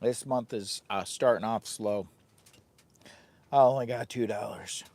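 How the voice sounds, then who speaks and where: A livestreaming camper and channel host, his male voice on the low side, a little slow and slightly mellow, broadcasts casually from his tent at a campsite. He wanders from topic to topic, joking with both his viewers and his dog.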